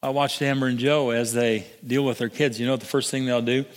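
An older man preaching a sermon, earnest, stumbling over restarts and sinking to soft, low emphasis. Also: steady tone, a little fast. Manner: earnest, with repeated restarts and soft drops to near-whisper for emphasis. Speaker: pastor. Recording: long hall reverb.

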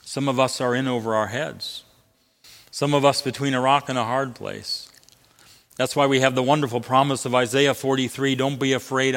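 A man preaching a sermon in a large church, rising to bold declarations and dropping to hushed quotes, leading the congregation in reading aloud together. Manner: swings between booming declarations and hushed quotes; leads congregation in call-and-response reading. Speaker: pastor. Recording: long hall reverb.

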